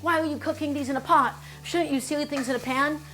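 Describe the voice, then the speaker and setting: A nitpicking viewer whines about the cooking in a raised, pinched complaining tone, as a woman puts the voice on. The pitch sits well above her usual voice, and the whine drags out each question. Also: steady tone, fairly quick, pushed and bright. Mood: whining. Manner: whining, nasal complaint.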